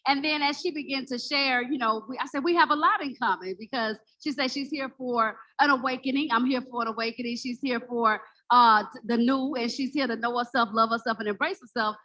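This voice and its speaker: Excited woman sharing a story onstage. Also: a little high, a little fast, hardly any pauses, poor audio. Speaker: audience member invited to share. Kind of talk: telling a story to a live audience. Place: live event in front of an audience.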